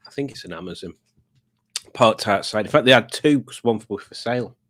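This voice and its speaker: A man's voice: fairly low pitch, expressive, a little fast, a bit bright. A middle-aged man chatting on a home live stream, rambling and poking fun at himself. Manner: rambling, chatty and self-mocking. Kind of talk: casual live stream chat.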